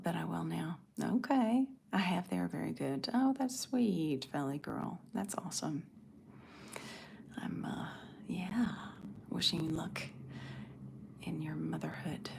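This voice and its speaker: A middle-aged woman hosting an ASMR livestream, answering chat in a soft breathy whisper. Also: on the low side, slight background noise.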